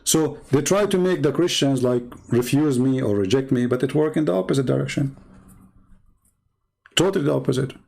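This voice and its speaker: A man's voice: medium pitch, a little fast, vocal fry, darkish tone. A man hosting a livestream, talking in a blunt, combative and repetitive way. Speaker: host. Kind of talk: livestream commentary.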